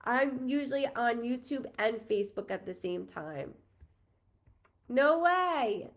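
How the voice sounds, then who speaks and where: A woman's voice: a little high, expressive, slow pace. A woman in her thirties from New York, a psychic medium giving a live-streamed reading in a chatty, rambling, apologetic and emotional way. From New York, USA. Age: 30s.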